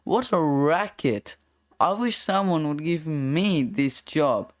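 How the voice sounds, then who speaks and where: Read-aloud voice of a cocky, wisecracking sixth-grade boy, as the reader puts him on. He comes across unhurried, delivering each flippant line in a dry, close-miked voice with no room around it. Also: medium pitch, expressive, dry recording. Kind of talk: comic strip read-aloud.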